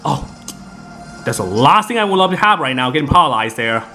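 Male gameplay commentator, slightly high voice, rambling casual delivery with frequent restarts. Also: very animated, brisk, pushed and bright. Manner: rambling with many fillers and restarts. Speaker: gaming video host. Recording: game music in the background.

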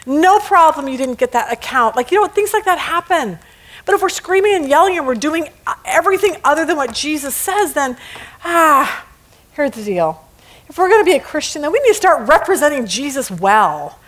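A woman teaching a casual Bible study lesson, animated, often laughing and acting out little scenes. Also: sits high, brisk, low-quality recording.

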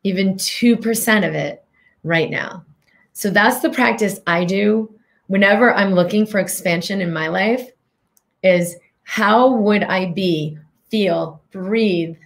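A woman hosting a motivational health talk, earnest and coaching, guiding the listener through breathing questions. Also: mid-range voice. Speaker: host, physician and healing coach.

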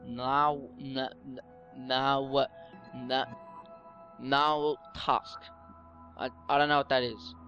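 A man talking to himself through a gaming session at an average pitch, chatty and a little scattered. He trips over his words and swears now and then. Faint game music plays underneath. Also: level tone, extremely slow, long pauses, pushed and bright, muffled recording. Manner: rambling, gets tongue-tied, swears casually. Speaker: let's play gamer. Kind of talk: casual gameplay commentary.

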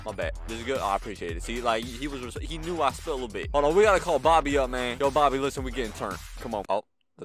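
A young man giving casual gameplay commentary as a gaming YouTuber, excitable and slangy, with sudden loud outbursts. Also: medium pitch, racing, faint music behind.

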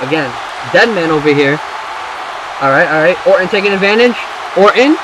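A man with a high, bright voice calls a wrestling video game in a frantic, rambling rush, cursing and yelping when a big move lands. A loud game crowd and a hiss of noise sit behind him. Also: animated, moderate pace. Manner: frantic, rambling, swears, yelps at big moves. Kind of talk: excited play-by-play game commentary. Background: wrestling game crowd audio.

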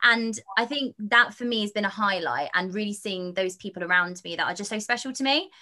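A woman's voice: mid-range voice, bright, forceful tone. A woman with a British accent, chatting effusively as a guest on a casual interview show. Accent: British English. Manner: chatty, effusive, quick asides. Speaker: radio and TV presenter, guest.

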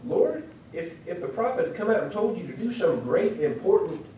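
A man acting out a humble servant who gently reasons with his master through questions. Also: high-pitched, animated, moderate pace, heavy reverb, distant mic, a little hiss or hum, low-quality recording. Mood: coaxing.

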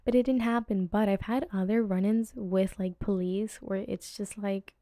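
A young woman in her twenties hosts a podcast and tells loose, chatty stories, full of fillers, mimicking quotes with sudden high jumps in her voice. Her tone is mellow and warm, recorded close and dry with no room sound. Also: steady tone, normal speed, few pauses, dry recording. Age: 20s. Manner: chatty, rambling, lots of fillers, acts out quotes with pitch jumps. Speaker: podcast host. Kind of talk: casual storytelling monologue.

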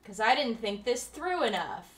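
A woman's voice: on the high side, sing-song, normal speed, fairly bright tone. A young woman live streaming, chatting casually with viewers and swearing freely while she sorts out her setup. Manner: loose and profane, talking to chat while fixing her setup. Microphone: streaming microphone.

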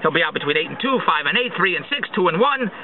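A man's voice: on the high side, big pitch swings, fast. A man vlogging a sarcastic, exasperated rant as he complains at length. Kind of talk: ranting monologue. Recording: tinny phone-like recording, faint noise.

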